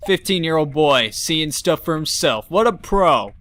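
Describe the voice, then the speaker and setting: Exasperated, swearing game commentator. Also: male voice, fairly high pitch, lively intonation, unhurried, hardly any pauses, a bit bright. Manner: profane, exasperated ranting with jokes. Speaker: let's play commentator. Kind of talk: casual gameplay commentary.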